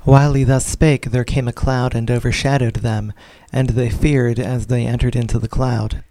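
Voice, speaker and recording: A man reading Bible passages aloud in a steady, formal manner during a sermon. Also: medium pitch, normal speed, slight background noise. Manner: steady, formal reading of old-style verse. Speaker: scripture reader.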